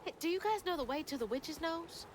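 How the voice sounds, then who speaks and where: A woman's voice: very high voice, animated, fairly quick. An actress voicing an easygoing young woman who is the hero of a video game, heard as game audio with noise behind. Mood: casual.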